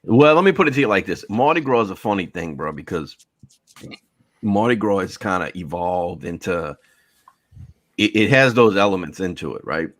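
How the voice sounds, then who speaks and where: This is a middle-aged man with a very low voice. He tells long, rambling, profane stories as a podcast guest on a video call. The sound is dry and close, with no room around it. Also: lively intonation, moderate pace, a bit bright, no room sound. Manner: profane, rambling, says bro a lot. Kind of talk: casual storytelling chat.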